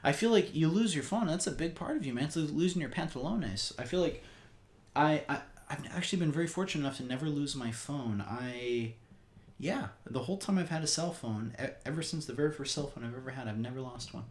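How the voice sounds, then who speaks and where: A man's voice: a little high, brisk. A man co-hosting a podcast, joking around with crude banter in casual chat. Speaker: podcast co-host.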